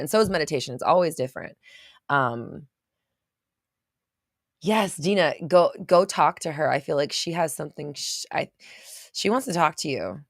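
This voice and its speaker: A woman's voice: sits low, dry recording, studio quality. A woman host talking casually to a live chat, rambling with many restarts and at times getting choked up. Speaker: podcast host.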